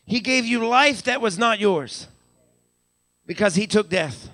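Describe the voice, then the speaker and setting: Preaching live in a church sanctuary, a pastor from Western Pennsylvania speaks in a high, bright, forceful voice that's animated yet measured in pace. The recording is dry and studio-clean, and as he builds he stammers through repeated words and calls out hallelujah.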